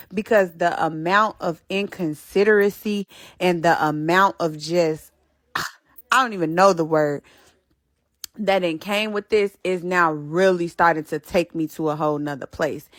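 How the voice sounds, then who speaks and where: A woman's voice: fairly low pitch, fairly bright tone, no room sound. A woman recounting a personal story in a frustrated, emphatic way.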